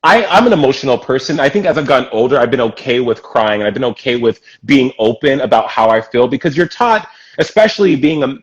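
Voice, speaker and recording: A man hosts a relaxed interview with an emphatic, encouraging delivery. His voice sits at an ordinary middle pitch for a man, and he cheers his guest on warmly as he talks. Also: quick pace, few pauses, dull audio. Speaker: podcast host. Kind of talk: casual interview chat.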